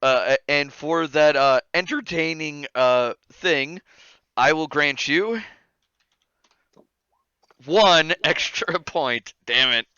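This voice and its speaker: A man running a tabletop game as game master, relaxed, with frequent laughter and fillers. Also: fairly high pitch, slow pace, long pauses, clear, resonant tone, dry recording, muffled recording.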